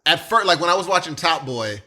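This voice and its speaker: Animated Californian guy, bright voice. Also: on the high side, a little fast. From California, USA. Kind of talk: casual chat.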